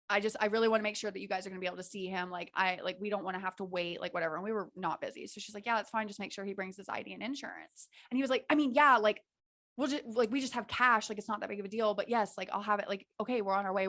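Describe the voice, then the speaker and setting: A woman's voice: mid-range voice, racing. A young woman in her twenties co-hosting a podcast, telling a story with lots of laughter and acted-out quotes. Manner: animated storyteller, laughs often, acts out quotes. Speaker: podcast co-host. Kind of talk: casual chat, storytelling.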